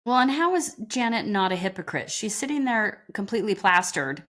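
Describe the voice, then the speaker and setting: A woman's voice: medium pitch, lively intonation, a little fast, a bit bright. A woman co-hosting a podcast in casual chat, mostly agreeing in short replies and sometimes adding her own view. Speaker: podcast co-host.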